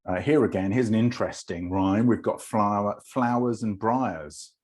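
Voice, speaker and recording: A man with an English RP accent lectures on poetry in a thoughtful, unhurried way, stopping often to search for words. His voice sits very low, with a husky, breathy edge. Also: a little mellow. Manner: thoughtful, with frequent ums and uhs.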